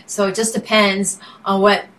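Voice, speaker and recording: Female singer-songwriter guest, casual and rambling, quick to laugh. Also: mid-range voice, flat delivery, a bit bright, poor audio. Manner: rambling, laughs often, restarts sentences. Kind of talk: casual interview chat.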